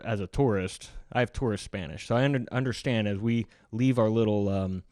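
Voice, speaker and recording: A man's voice: on the low side, brisk, darkish tone, no room sound, studio quality. A man hosting a podcast, telling a travel story in casual conversation, chatty and laughing between lines.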